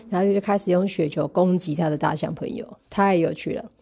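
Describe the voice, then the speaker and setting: A woman reading a picture book aloud and retelling each page gently. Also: fairly low pitch, steady tone, fairly quick, creaky, hardly any pauses, breathy edge. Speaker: storybook reader.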